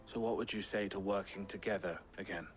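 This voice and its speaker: An actor playing a wry, smooth-talking smuggler brother in a video game cutscene, with music behind. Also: male voice, sits low, fairly even intonation, fairly quick, natural voice. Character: sly smuggler man, Eloise's brother Theodore.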